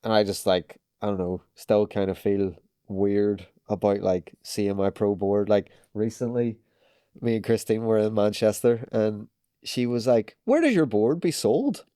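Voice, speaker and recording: A man's voice: lowish voice, little pitch movement, a little slow, warm tone, clear, resonant tone, no echo, studio quality. A young man with a Northern Irish accent, a podcast guest telling rambling stories full of fillers and swearing. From Northern Ireland. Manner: rambling storytelling full of "like" and swearing, acting out quotes. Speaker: podcast guest, pro skateboarder. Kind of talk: casual chat.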